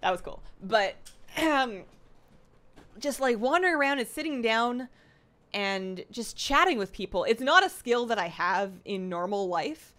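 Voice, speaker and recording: A woman's voice: fairly high pitch, expressive, measured pace, fairly bright tone. Young woman streamer, casual at-home chat, rambling and self-deprecating, lots of ums and restarts. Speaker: livestream host. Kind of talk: casual chat reading viewer comments. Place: home apartment.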